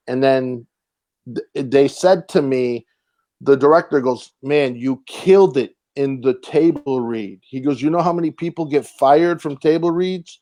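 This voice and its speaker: A man's voice: mid-range voice, normal speed, mellow, no room sound. A man guesting on an interview show, telling rambling stories with many fillers and restarts and acting out the voices of people he quotes. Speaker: actor and comedian guest. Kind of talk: casual interview storytelling.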